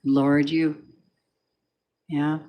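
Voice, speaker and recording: A woman's voice: deep voice, level tone, very slow, dull audio. A woman reads tarot cards for a general audience in a loose, rambling way. She speaks candidly, swears freely and keeps slipping into spiritual asides. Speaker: tarot reader. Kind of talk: collective tarot reading.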